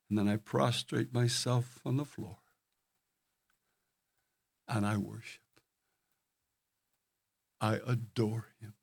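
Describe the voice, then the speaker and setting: An older man preaching a sermon, telling stories with earnest feeling and dropping from loud emphasis to hushed tones. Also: medium pitch, vocal fry, no echo.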